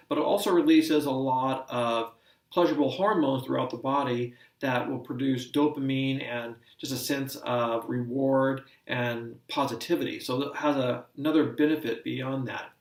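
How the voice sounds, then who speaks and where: A man giving a measured, explanatory lecture as an instructor. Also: medium pitch. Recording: roomy sound from a distant mic.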